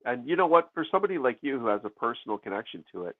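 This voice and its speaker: A man's voice: mid-range voice, big pitch swings, very fast. Man calling in over a tinny phone line. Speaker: caller. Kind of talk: casual call-in chat. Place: outdoors in a park.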